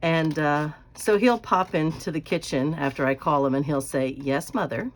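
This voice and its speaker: Low-voiced chatty woman crafting. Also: normal speed, a little hiss or hum. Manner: chatty, folksy storytelling with soft laughs; drops to a quiet aside while working on crafts. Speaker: craft channel host. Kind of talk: casual chat while crafting.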